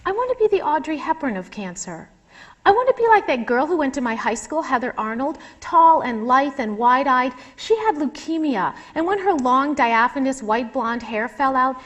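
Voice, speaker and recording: A middle-aged woman author, candid and animated, talking about her memoir and reading from it, swearing freely. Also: high voice, normal speed, muffled recording.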